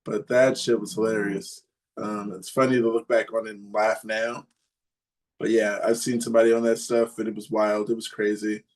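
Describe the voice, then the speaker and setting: A man's voice: lowish voice, normal speed. A man co-hosting a podcast, telling a story in a rambling, casual way with lots of fillers. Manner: rambling, many fillers, animated retelling. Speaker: podcast co-host.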